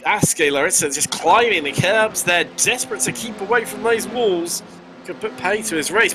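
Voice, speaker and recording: Brief: West Country English male race caller, higher voice, excitable, self-correcting, engine noise clearly behind. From England. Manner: excitable, jokey, trips over words then corrects himself. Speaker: race commentator. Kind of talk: sim racing commentary.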